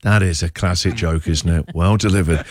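A male radio breakfast host bantering with callers, quick with teasing asides. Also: sits low, fairly even intonation, dry recording, studio quality.

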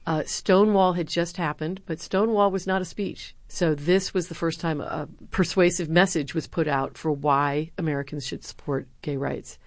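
Middle-aged woman, deep-pitched, earnest former speechwriter in an interview. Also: moderate pace, few pauses, no echo. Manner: earnest, animated when quoting others. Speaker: university lecturer. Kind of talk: interview answers, storytelling.

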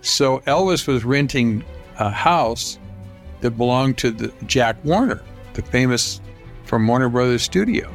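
Older male storyteller from Southern California, mid-pitched and meandering, voices the quotes in his tale. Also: lively intonation, measured pace, soft background music. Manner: rambling, lifts his voice to act out quoted lines. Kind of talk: personal anecdote.

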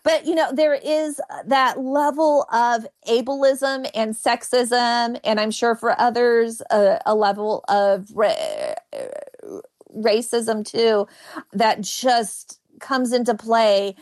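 A woman's voice: a little high, steady tone, takes it slowly. A woman comedian who stutters, talking frankly and with self-mocking humor as a guest in an interview. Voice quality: stutters, with repeated sounds and blocks. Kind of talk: candid interview chat.

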